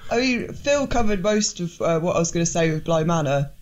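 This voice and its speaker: A woman's voice: on the low side, lively intonation, a little fast, a little mellow, lo-fi sound, slight background noise. A woman on a podcast, chatting casually and wryly, often mimicking silly voices. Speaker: podcast co-host. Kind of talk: casual chat.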